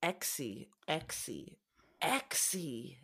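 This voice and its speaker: A woman's voice: deep voice, very animated, extremely slow, pushed and bright, slightly rough. A woman on a podcast answering quiz questions, thinking aloud hesitantly. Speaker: podcast host. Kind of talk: casual chat.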